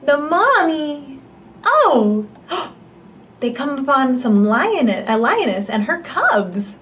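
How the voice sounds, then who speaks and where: Taking it slowly, a woman with a high, very animated and fairly bright voice reads a picture book to babies and toddlers. Her storytelling is exaggerated, dotted with gasps and coaxing questions to the child, over a faint hiss or hum.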